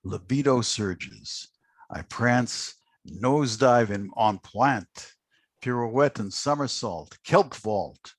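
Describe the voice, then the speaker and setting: A man hosting a poetry prize ceremony on a video call, joking gently and reading a poem aloud. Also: mid-range voice, no echo. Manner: unhurried, gently joking, with frequent uh fillers. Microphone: video call microphone.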